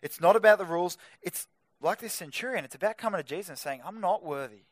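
A man preaching an energetic youth group sermon, with punchy joking asides to teenagers. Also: high voice, fast, dry recording, clean studio sound. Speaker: youth pastor.

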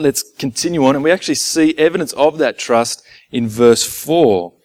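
A man preaching in an earnest, searching way. He asks rhetorical questions and repeats key phrases, sometimes dropping to a quiet, intimate tone. His voice sits at an ordinary pitch and sounds dry and close, with no room around it. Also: dry recording. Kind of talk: sermon.

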